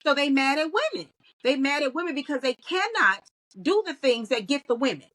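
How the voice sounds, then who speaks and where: A woman, a guest in a podcast interview, talking in an animated storytelling way. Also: high voice, brisk, low-quality recording. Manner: animated storytelling, acts out quoted voices. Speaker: guest, content creator.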